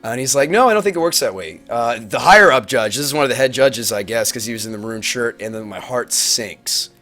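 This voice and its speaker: A man telling a tournament story on a livestream, rambling and animated, acting out quotes with big swings in his voice. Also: medium pitch, fairly quick, soft background music. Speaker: Magic player recapping a tournament on a livestream. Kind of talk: casual storytelling to a stream audience. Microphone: webcam mic.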